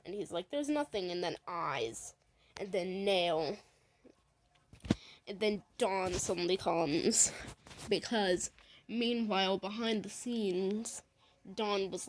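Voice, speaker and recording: Against some background noise, a woman with a lowish voice casually narrates her own animation scene by scene. She rambles over the video, linking events with "and then" and chains like "and then he's like."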